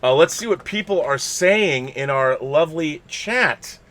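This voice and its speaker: A man's voice: a little high, lively intonation, measured pace, fairly bright tone. A man hosting a live podcast, reading a listener's letter aloud in a playful, theatrical way with bursts of laughter. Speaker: podcast host.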